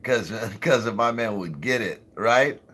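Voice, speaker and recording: Husky, rambling man on a livestream. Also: on the low side, expressive, unhurried, pushed and bright. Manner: rambling, profane, laughs often. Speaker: livestream host. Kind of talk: casual livestream chat.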